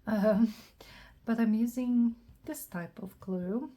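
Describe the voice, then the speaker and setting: A woman talks through a craft project at an unhurried pace, musing out loud as she works. Her voice is low-toned and husky, a bit scratchy and hoarse, and she keeps clearing her throat between hesitant phrases. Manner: thinks aloud, hesitant, clears throat often. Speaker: craft channel host. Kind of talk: casual crafting tutorial narration.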